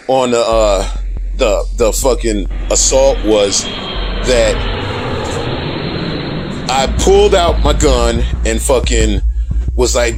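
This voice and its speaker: A man's voice: medium pitch, poor audio. A man telling a personal story in casual, profane storytelling, swearing freely and laughing between lines.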